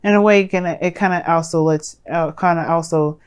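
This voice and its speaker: A woman giving a casual tarot reading to her viewers, rambling and sassy with lots of fillers, her voice a little hoarse and croaky. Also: fairly low pitch, fairly even intonation, a little fast. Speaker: tarot reader.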